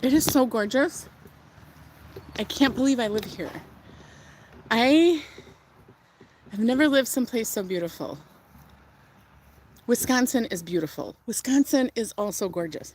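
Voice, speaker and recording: Woman, young, fairly high voice, gushing, chatty, outdoors, phone livestream. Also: expressive, a little slow, pauses often, a little mellow, slight background noise. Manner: gushing, chatty, trails off with fillers and laughs. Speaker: livestream host. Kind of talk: casual livestream tour. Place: outdoors on a farm property.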